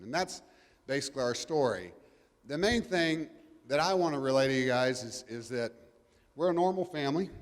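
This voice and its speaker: A middle-aged man with a drawl tells a crowd about his life in a loose, joking way, doubling back on his words as he goes. His voice sits at an ordinary middle pitch. It rings with a long reverb, as if picked up in a big public venue. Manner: folksy, joking, rambling with restarts. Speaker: guest speaker, cruising family father. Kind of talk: informal talk to an audience. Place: event venue before a live audience.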